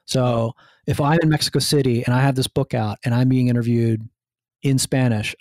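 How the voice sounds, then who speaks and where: A man's voice: medium pitch, fairly even intonation, moderate pace, darkish tone, no room sound, clean studio sound. A man from New Jersey, a guest on a podcast interview, talking enthusiastically and rambling with many restarts. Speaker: guest, food writer and hunter.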